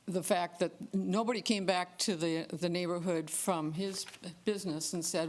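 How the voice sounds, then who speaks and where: A woman with a slightly low voice stands at a council meeting to speak against a proposal. She is firm and opposed, and she repeats phrases for emphasis. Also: steady tone, normal speed. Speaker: resident giving public comment. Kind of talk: public comment at a council meeting. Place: council chamber.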